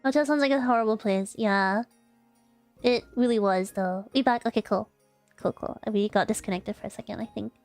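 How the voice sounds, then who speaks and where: A woman's voice: medium pitch, normal speed, a little mellow, no room sound, faint music behind. A young woman streamer telling a story in casual chat, rambling with lots of fillers and restarts.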